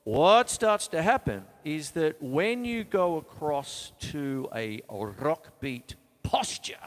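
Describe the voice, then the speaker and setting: A man's voice: fairly high pitch, sing-song, takes it slowly. A man with an Australian accent teaching drums in a live online lesson, counting beats aloud as he plays. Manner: casual, counts beats aloud while playing. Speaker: drum teacher. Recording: reverberant room with loud drums.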